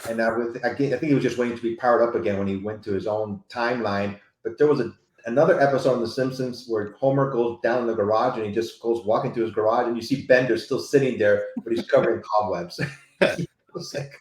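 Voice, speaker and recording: A man's voice: mid-range voice, fast talker. Hesitant man in an echoey room. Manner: hesitant, many fillers. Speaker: podcast guest. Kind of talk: casual chat.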